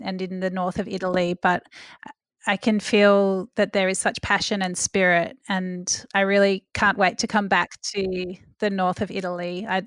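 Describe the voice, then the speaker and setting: A woman's voice: medium pitch, a bit bright, clean tone, dry recording, clean studio sound. A woman hosting a food podcast, speaking in an enthusiastic, effusive way. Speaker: podcast host. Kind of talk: interview and scripted outro.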